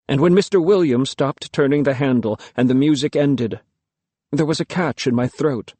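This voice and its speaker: A man reading a first-person novel aloud in a lyrical, measured storytelling manner. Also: medium pitch, darkish tone, no room sound. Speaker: audiobook narrator. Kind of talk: first-person audiobook narration.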